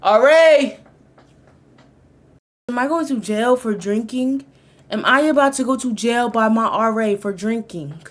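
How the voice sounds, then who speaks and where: A young woman streamer telling a story casually, animated and profane, repeating lines for effect. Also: a little high, moderate pace, slight background noise.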